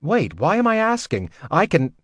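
A man's voice: high-pitched, huge pitch swings, moderate pace, fairly bright tone, no room sound, studio quality, voice pushed up, exaggerated voice. A man voicing a tense young male assassin who speaks in a raised, urgent, demanding way. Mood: angry, urgent.

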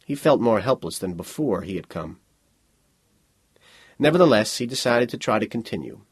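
A man narrating a novel as an audiobook, with an expressive delivery. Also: on the low side, normal speed, slightly rough, dry recording. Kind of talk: scripted narration.

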